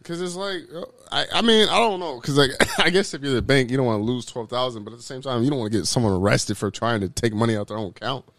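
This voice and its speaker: A man talking in casual chat, animated and swearing freely, acting out quotes with sudden jumps in pitch. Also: fast, hardly any pauses.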